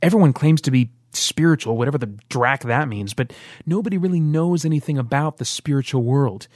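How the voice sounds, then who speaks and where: A man's voice: a little high, animated, fairly quick, a little mellow, breathy edge, no echo, studio quality, pitched above the performer's own voice. A man voicing a passionate, insistent young male rebel in an audiobook.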